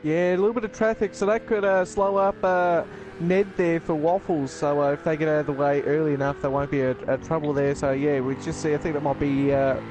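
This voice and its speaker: Casual co-commentator with a slightly high voice, over clear background noise. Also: male voice, flat delivery, a little fast. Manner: casual, hesitant, full of fillers. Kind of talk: sim racing commentary.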